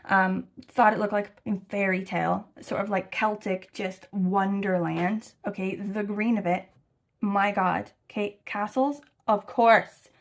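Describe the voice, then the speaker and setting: Gravelly American woman vlogging casually. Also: mid-range voice, unhurried. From United States. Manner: rambling, animated, sweary storytelling with many fillers. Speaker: travel vlogger. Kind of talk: casual chat.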